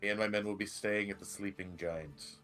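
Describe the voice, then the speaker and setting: A man's voice: lowish voice, fairly even intonation, a little fast, a bit bright, soft background music, natural voice. Man doing a curt, stern knight commander.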